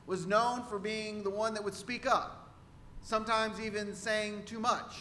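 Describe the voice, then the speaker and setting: A man's voice: sits high, bright, forceful tone, in a large hall, a little hiss or hum. A man from Central Texas with a Texan accent, preaching a sermon as pastor in a conversational way, repeating rhetorical questions. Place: church sanctuary.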